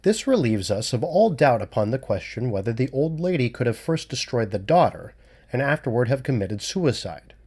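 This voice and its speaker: A man's voice: medium pitch, big pitch swings, darkish tone, husky. A man reading as a methodical detective. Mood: reasoning. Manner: measured, lecturing reasoning. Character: methodical, cool-headed male amateur detective. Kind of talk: audiobook reading.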